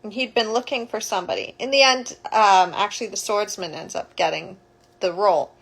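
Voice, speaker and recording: A woman's voice: medium pitch, a little fast, gravelly, a bit bright, slightly rough, poor audio. A woman, a childbirth educator, retelling a story casually, rambling and correcting herself as she goes.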